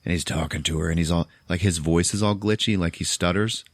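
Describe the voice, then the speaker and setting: A man's voice: low-pitched, brisk, no room sound. A man hosting a podcast, casually recapping a movie in a loose, profane way. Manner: loose, profane, retelling with quoted voices. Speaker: podcast host.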